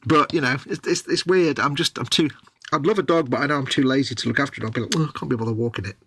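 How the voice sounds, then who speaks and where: A man's voice: medium pitch, quick pace, a bit bright, slight background noise. A man co-hosting a casual live stream chat, teasing and jokey, wandering off on silly tangents. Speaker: co-host.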